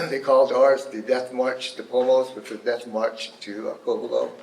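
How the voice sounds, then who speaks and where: A man's voice: mid-range voice, fairly even intonation, a little mellow. Older man speaking in a roomy hall. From Northern California. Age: 70s. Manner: unhurried, plain-spoken, with many fillers. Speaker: tribal elder. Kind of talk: personal testimony talk.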